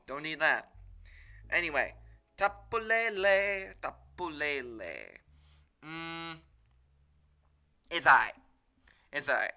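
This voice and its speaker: A man's voice: a little high, bright, forceful tone, clean tone, dull audio. A man giving casual, rambling commentary on a tier list, often breaking off mid-sentence and laughing. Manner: rambling, self-interrupting, giggly. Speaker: gaming YouTuber.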